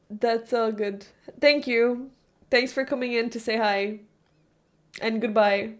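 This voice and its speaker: A woman streamer chatting casually with her viewers, rambling and often stopping herself mid-thought. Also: a little high. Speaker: live streamer. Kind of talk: casual live-stream chat.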